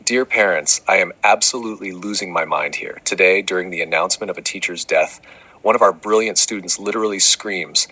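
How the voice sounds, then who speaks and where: Man, low voice, husky, sharp tense tone, exasperated principal, comic letter narration, swearing. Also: fairly quick, rough recording. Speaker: narrator reading letters to parents as a school principal. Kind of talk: comedic scripted narration.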